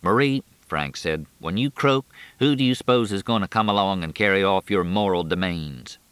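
A man's voice: low voice, moderate pace, a bit bright, clean tone, dry recording. A man voicing a grumbling, needling middle-aged undertaker in a storybook reading.

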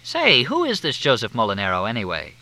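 A man's voice: mid-range voice, very animated, fast, pushed and bright, voice pushed up, poor audio. A man reading aloud, voicing a brash, wisecracking woman reporter who talks bluntly and airily. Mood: teasing. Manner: blunt, teasing, airy.

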